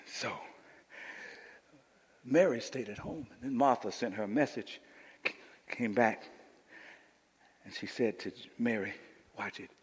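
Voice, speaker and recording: A man's voice: mid-range voice, normal speed, long pauses, husky, big-room sound. A man preaching a sermon as pastor, emphatic, often repeating words as he restarts his sentences. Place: church sanctuary.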